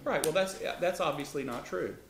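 Male co-host, casual Bible talk, jumps higher for quotes; roomy, slightly noisy recording. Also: normal speed. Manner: lively, pitch jumps up when voicing Jesus. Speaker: co-host of a Christian talk show. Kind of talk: conversational Bible teaching. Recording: echoey room.

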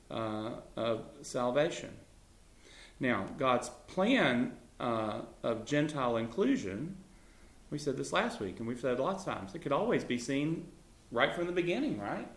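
A man leads a Bible study in an informal, conversational way. He chuckles often and pads his points with easy fillers. His voice sits in the middle range and the room around him sounds echoey. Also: mid-range voice.

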